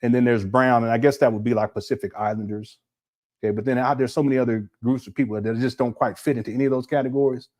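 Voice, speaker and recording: A man's voice: medium pitch, fairly even intonation, fast, darkish tone. A man, giving a loose, conversational monologue full of laughs and restarts. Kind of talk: casual monologue.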